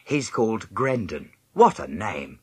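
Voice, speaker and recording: Lively dry-sounding male storyteller. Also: unhurried, breathy edge, no echo. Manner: lively storytelling, jumping high in pitch for other characters' lines. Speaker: audiobook narrator. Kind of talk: scripted first-person narration of a children's novel.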